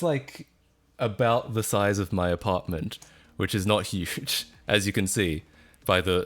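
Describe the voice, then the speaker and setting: A man's voice: lowish voice, a bit bright. A man chatting casually on a livestream, laughing often and breaking into incredulous outbursts.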